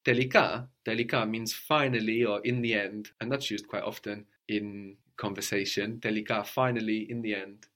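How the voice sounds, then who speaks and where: A man's voice: on the low side, steady tone, moderate pace, hardly any pauses, fairly bright tone. A man teaching a language lesson, patiently prompting his student and often checking with a questioning "no?".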